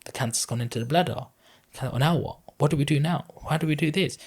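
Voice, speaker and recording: Husky man in his thirties, heartfelt. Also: a little high, fast talker, darkish tone. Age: 30s. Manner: earnest, heartfelt, rambling retelling. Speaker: podcast guest. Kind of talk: emotional personal storytelling.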